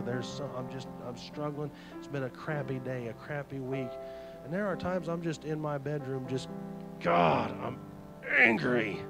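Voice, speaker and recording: A man, a youth pastor preaching an earnest, folksy sermon full of retold stories. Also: mid-range voice. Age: 40s.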